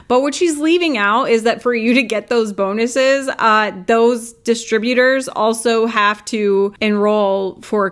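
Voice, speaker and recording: A woman hosting a reaction video, giving skeptical, conversational commentary and explaining the numbers. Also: medium pitch. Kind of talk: casual commentary.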